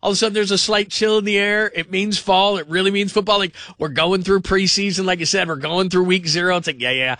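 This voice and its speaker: A man hosting call-in sports radio, rambling and animated, sometimes mimicking people in funny voices. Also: high voice, quick pace, few pauses, dry recording, studio quality.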